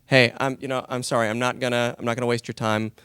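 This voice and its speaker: A man, a voice actor telling a lively anecdote on a panel and acting out the lines he quotes. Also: mid-range voice, fast talker, clean tone, no room sound, studio quality. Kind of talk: casual storytelling on a panel.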